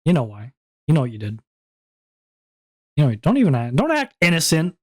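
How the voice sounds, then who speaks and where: A man streaming a casual chat, rambling and stammering with playful mock outrage and loud bursts of laughter. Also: a little high, huge pitch swings, brisk, pauses often. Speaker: VTuber streamer.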